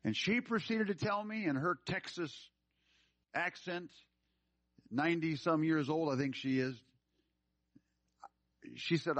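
A male pastor preaching to his congregation, moving from a plain story into urgent, emphatic appeals. His voice sits a little high for a man. The recording is dry and a bit muffled. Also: a little slow, long pauses, a bit bright, no room sound. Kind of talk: sermon. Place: church room.

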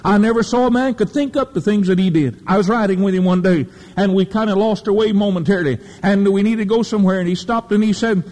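Male preacher, folksy and fervent, slightly high voice, long hall reverb. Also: fast, few pauses, a little mellow. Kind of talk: sermon.

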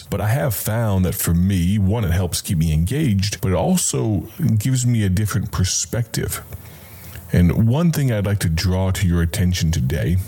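A male radio preacher with a very low, dark voice and a husky edge. He talks to the listener in an earnest, conversational way, like a friendly sermon over a studio microphone.

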